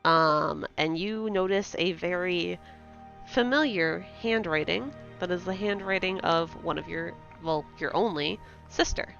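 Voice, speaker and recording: A woman narrating a tabletop game as game master, pausing often with fillers. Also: on the low side, creaky, a bit bright, faint music behind. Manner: hesitant with many fillers. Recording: dull lo-fi sound.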